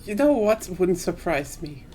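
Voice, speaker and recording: Slow-talking German woman streamer. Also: lowish voice, big pitch swings, dark tone. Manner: chatty, amused, bewildered. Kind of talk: casual gameplay commentary.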